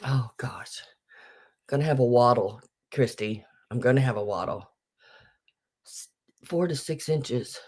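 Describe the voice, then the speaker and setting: A middle-aged woman with a very deep, slightly mellow voice hosts a live online sale, chatting casually and rambling as she greets viewers by name. She sounds animated yet unhurried, pausing often, and her voice is still groggy because she has just woken up.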